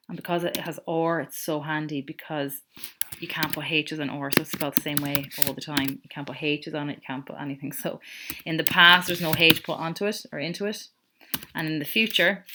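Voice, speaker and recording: Irish woman teacher, low voice, patient step-by-step screen lesson, keyboard clicks behind. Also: background noise. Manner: patient, explains step by step with small self-corrections. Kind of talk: recorded screen-share lesson.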